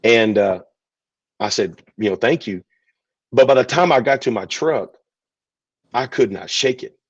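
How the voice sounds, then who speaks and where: A man, a pastor telling his story in an interview, relaxed and chatty. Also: medium pitch, measured pace, gravelly, slightly rough, dry recording. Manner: relaxed, chatty, many fillers. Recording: dull, dry recording.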